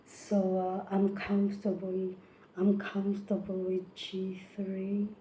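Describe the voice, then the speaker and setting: A woman giving a casual spoken singing tutorial, halting with many fillers and restarts, some words slipping into a whisper. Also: mid-range voice, monotone. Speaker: vocal technique presenter.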